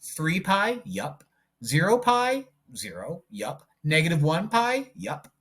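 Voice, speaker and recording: A male math teacher with a slightly husky voice works through problems in an unhurried way. He talks through each step as he draws graphs and drops in little jokes along the way. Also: on the high side, wildly swooping pitch, a bit bright. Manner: jokey, talks to himself while working problems. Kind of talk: video lesson while drawing graphs.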